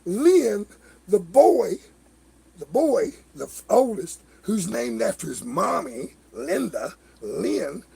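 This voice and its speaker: A middle-aged man spins long stories on his livestream, with a gravelly, creaky voice that sits fairly high. His pitch swings widely as he acts out what others said, cursing and laughing along the way. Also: takes it slowly. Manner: animated, swearing, laughing storyteller who acts out others' lines. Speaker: livestream host. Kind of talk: casual storytelling chat.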